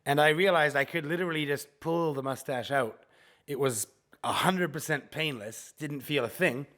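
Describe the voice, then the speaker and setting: A man co-hosting a podcast in casual chat, telling animated, joking stories while recovering from chemotherapy. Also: on the high side, moderate pace. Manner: animated storytelling, jokey. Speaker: podcast co-host.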